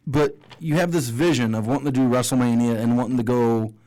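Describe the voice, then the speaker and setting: A man musing through his ideas on a casual podcast, circling back and correcting himself as he goes. His voice sits at a middle pitch for a man. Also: fairly even intonation, fairly quick, warm tone. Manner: rambling, thinks aloud with restarts, swears. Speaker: podcast co-host. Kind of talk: casual wrestling podcast chat.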